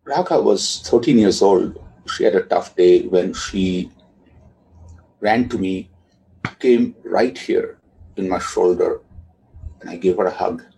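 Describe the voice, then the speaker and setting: A man, a father, telling a personal story in a soft, reflective way that sometimes drops almost to a whisper. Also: low-pitched, slow, creaky, long pauses, breathy edge, rough recording.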